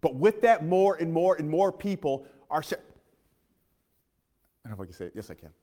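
A man preaching a sermon in a church, impassioned, swinging from loud calls to hushed asides and asking his listeners questions. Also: a little high, very animated, fairly quick, long reverb tail.

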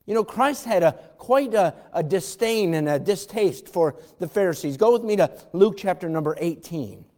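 Male preacher, high voice, reads old-fashioned scripture aloud, fervent questions to the congregation, long reverb. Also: expressive, normal speed, few pauses, a little mellow. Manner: reads scripture aloud in King James wording. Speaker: pastor. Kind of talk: evening sermon with scripture reading. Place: church sanctuary. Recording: long reverb of a large hall.

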